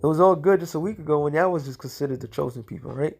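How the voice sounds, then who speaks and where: A man giving a combative religious commentary, speaking in casual slang and slowing into a measured cadence when he reads scripture aloud. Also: fairly high pitch, gravelly. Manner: casual slangy speech, repeats "all right" and "okay".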